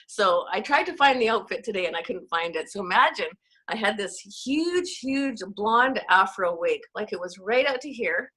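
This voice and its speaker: This Canadian network marketing coach is very animated at a normal speed, her mid-range voice sharp in tone. She's chatty, relaying self-mocking stories during a casual video call.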